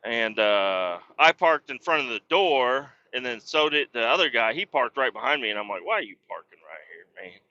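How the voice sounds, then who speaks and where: A man's voice: medium pitch, very animated, normal speed, hardly any pauses, pushed and bright, muffled recording. A man, a truck driver, hosting a podcast and telling a rambling story in casual, profane talk, raising his voice when he quotes people.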